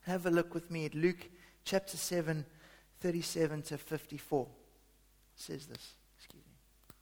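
A man's voice: fairly high pitch, steady tone, a little slow, creaky, darkish tone. Guy preaching a sermon, lots of uhs and restarts, big echoey hall. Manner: conversational with frequent fillers and restarts. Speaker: pastor. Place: church hall. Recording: long reverb of a large hall.

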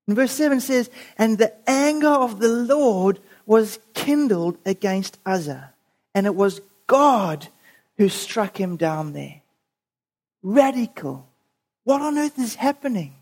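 An animated preacher works through a scripture story, acting out the voices of the people in it. The delivery is expressive and conversational, like a sermon told as a story. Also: mid-range voice.

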